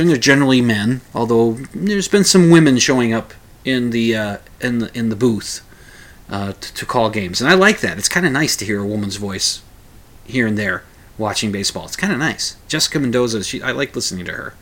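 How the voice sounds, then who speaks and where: A man's voice: mid-range voice, animated, fairly quick, a bit bright. A man hosting a casual spoken monologue, rambling with many restarts and small chuckles.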